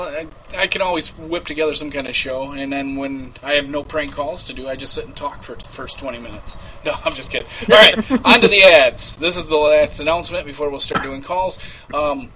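A man with a fairly high, pushed, bright voice hosts a homemade prank call show, rambling and laughing as he reads his ads. He laughs often and trails off into mumbling, and the rough recording has slight background noise.

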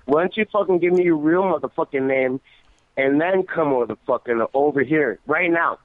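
A man's voice: a little high, a little fast, no room sound. A man on the phone, furious, cursing and threatening. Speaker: prank call target. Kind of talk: angry phone argument. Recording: tinny phone line.

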